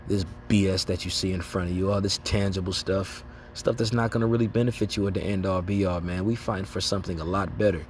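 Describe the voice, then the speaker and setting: Speaking fast with few pauses, a man with a low, steady voice delivers a casual religious exhortation over slight background noise. The lay preacher uses slang, ends lines with "man" and "okay?", and laughs while acting out reactions.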